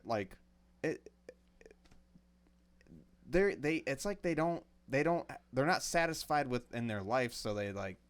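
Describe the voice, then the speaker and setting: A man co-hosting a casual podcast chat, telling driving stories in an animated way and swearing freely. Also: mid-range voice, unhurried, long pauses, smooth. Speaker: podcast co-host.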